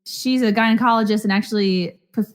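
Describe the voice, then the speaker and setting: A woman's voice: medium pitch, steady tone, brisk, clear, resonant tone. A woman co-hosting a podcast, rambling in casual chat with many "like"s and some swearing. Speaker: podcast co-host.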